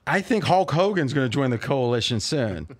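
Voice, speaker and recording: A man's voice: medium pitch, sing-song, moderate pace, slight background noise. A man hosting a sports betting talk show, joking and rambling through casual banter with his co-hosts.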